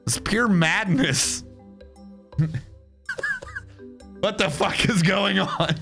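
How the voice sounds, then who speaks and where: A man streams a strategy game, riffing sarcastically on what he reads out and swearing freely. His voice is bright and forceful and sits a little high. Faint game music plays under him. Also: very slow. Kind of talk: casual let's play commentary.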